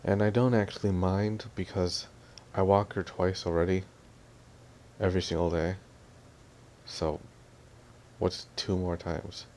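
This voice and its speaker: A man's voice: low-pitched, little pitch movement, a little slow, pauses often, a little mellow, slight background noise. A young man ranting in an audio vlog, annoyed and mimicking his family as he tells what happened. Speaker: vlogger.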